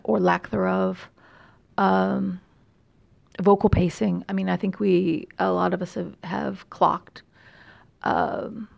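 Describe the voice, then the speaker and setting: Speaking in a medium pitch with vocal fry and a slightly mellow quality, this middle-aged woman from California carries a faint Texas drawl. It's a casual chat, and she rambles, filling gaps with fillers and poking fun at herself.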